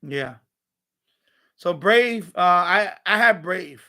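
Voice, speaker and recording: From what sounds like a home radio room, a high-pitched man with a gravelly, fry-tinged edge rambles through a loose live-stream chat at a slow pace. His bright, sharp tone carries animated, profane rants peppered with mocking asides.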